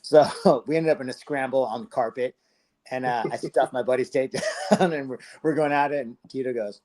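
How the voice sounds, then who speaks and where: A relaxed man in his forties from Southern California, talking like he's hanging out with a friend. He tells his story in an easy, slangy way, laughs often, and acts out other people's lines as he goes. His voice sits at an ordinary middle pitch. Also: a little fast. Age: 40s. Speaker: guest fighter. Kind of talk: casual storytelling interview.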